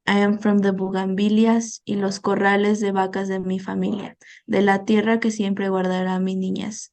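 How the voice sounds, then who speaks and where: A student guest, a woman from Mexico, who recites her poem in a measured way and moves between English and Spanish. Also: mid-range voice, little pitch movement, a little mellow. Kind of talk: poetry reading.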